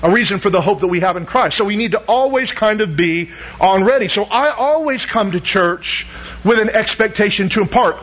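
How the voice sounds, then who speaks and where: A man's voice: high voice, fairly bright tone, husky, lo-fi sound. A man preaching a sermon as pastor, in a conversational way that keeps calling out questions to the congregation.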